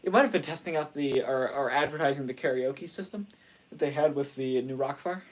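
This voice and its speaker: A man's voice: medium pitch, fairly quick. A man chatting casually as host, rambling and restarting his sentences often. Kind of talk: casual chat.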